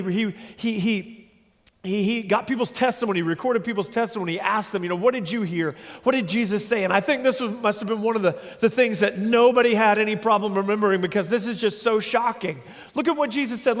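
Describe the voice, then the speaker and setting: A middle-aged man preaching a sermon, earnest and emphatic, slowing down to stress key words. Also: very high voice. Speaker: pastor. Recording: long hall reverb.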